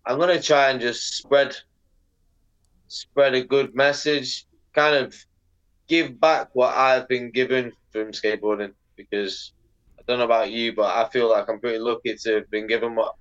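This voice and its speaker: A man speaks in a loose, animated podcast chat, swearing freely and scattering "like" through every thought. His voice sits at an ordinary middle pitch. The recording sounds dull and lo-fi. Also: normal speed. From Britain. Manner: animated, heavy swearing, lots of "like" fillers. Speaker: podcast guest, pro skateboarder. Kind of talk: casual podcast interview.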